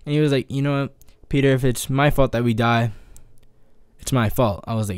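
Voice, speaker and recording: A young man tells a casual story in a vlog, acting out each person he quotes with quick jumps in his voice. His pitch sits in an ordinary middle range. The sound is dry and close. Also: dry recording. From New York. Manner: animated, acts out quotes with voice shifts and sound effects.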